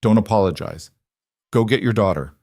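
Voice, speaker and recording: Steady, reassuring woman, as a man reads her. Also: on the low side, moderate pace, dry recording, studio quality. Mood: calm reassuring. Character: calm, supportive woman partner.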